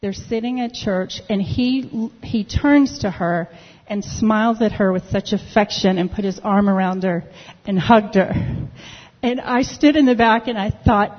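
A woman telling a lively story in church, acting out the people she quotes. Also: medium pitch, normal speed. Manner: lively, animated retelling with quoted dialogue. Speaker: church member sharing a testimony. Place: church sanctuary. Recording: dull audio with long hall reverb.

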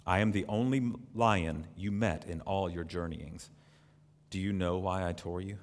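A man voicing a great, deep-voiced lion who speaks gravely and gently. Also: steady tone, natural voice. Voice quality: deep and slow, solemn. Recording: long reverb in a large hall.

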